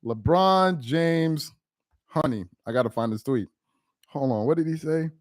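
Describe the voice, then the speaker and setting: A man's voice: a little high, a little slow, dry recording, studio quality. A man doing casual live-stream sports commentary, laughing often and trash-talking.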